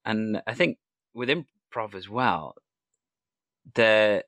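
A man's voice: on the low side, animated, slow, a bit bright, no echo. A man hosting a casual interview, telling stories and acting out the lines people said to him. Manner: tells anecdotes, acting out quoted dialogue. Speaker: podcast host interviewing an improviser.

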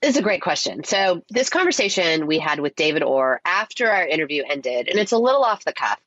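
A woman co-hosting a podcast, her voice stuffy and a little husky from a cold. She talks low and lively, and her pitch moves a lot. The sound is close and dry. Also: fairly quick, no echo, muffled recording. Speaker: podcast co-host. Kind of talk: podcast intro and casual chat.

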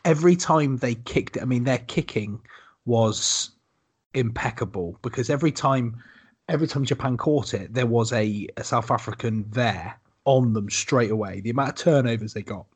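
Bloke hosting a rugby chat, easygoing, bit husky. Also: male voice, medium pitch, moderate pace. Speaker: podcast co-host. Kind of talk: casual sports chat.

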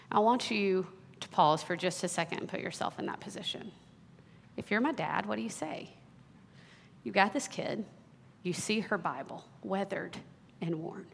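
A woman in her thirties, a worship leader, telling a personal story in a sermon with earnest warmth and small laughs. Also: mid-range voice, vocal fry, slight background noise. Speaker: worship leader giving a talk. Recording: long hall reverb.

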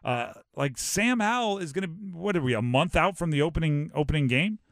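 A man from Hawaii hosting a sports talk show, animated and rhetorical, often acting out quotes. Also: a little high, a little fast, no room sound, clean studio sound.

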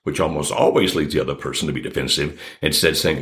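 A man's voice: rumbling low, expressive, fairly quick. An older man, a relationship expert guest, giving earnest conversational advice and acting out quoted dialogue.

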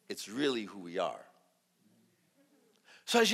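A man giving a sermon as a guest preacher, telling a story and acting out the dialogue with lively energy and many restarts. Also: medium pitch, measured pace, long pauses, big-room sound. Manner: animated, acts out dialogue, restarts often. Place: large church hall.

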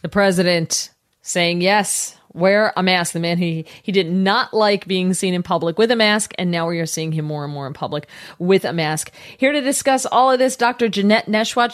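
A woman's voice: medium pitch, normal speed, dry recording, clean studio sound. A woman hosting a talk radio show, thanking callers and putting direct, conversational questions to guests. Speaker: radio host.

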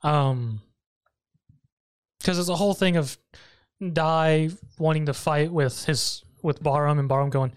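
A podcast host recapping an anime episode in casual chat, animated and often laughing, with sudden high-pitched jumps when amused. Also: measured pace, pauses often, smooth.

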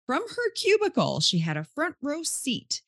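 A woman's voice: high voice, huge pitch swings, unhurried, fairly bright tone, no echo, studio quality. A woman hosting a podcast, introducing her guest in an upbeat, effusive way. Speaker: podcast host.

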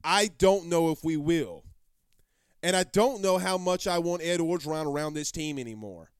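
A man's voice: on the high side, normal speed, smooth, no room sound, clean studio sound. A man hosting a live sports talk show, brash and rambling, repeating himself as he answers viewer comments.

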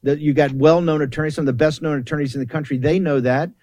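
A man's voice: on the high side, steady tone, fast talker, darkish tone, no room sound. A man hosting a political talk show, delivering combative commentary in a fiery, taunting, emphatic way with repeated rallying phrases into a studio microphone.

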